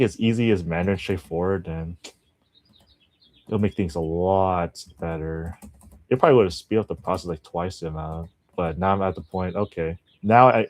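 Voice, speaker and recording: A man's voice: low voice, darkish tone. A man livestreaming his language study, chatting casually with viewers, rambling and laughing often. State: just woke up.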